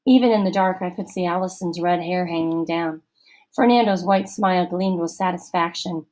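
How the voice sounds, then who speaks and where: A woman narrating a children's novel aloud in an expressive storytelling manner. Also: on the low side, normal speed, poor audio. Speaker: audiobook reader.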